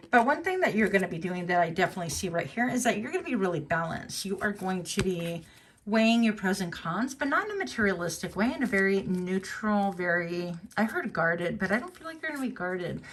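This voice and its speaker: Chatty woman giving a tarot reading. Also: a little hiss or hum. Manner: chatty, musing aloud with fillers and self-corrections; lively, jumps into a high voice for quoted people. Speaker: tarot reader.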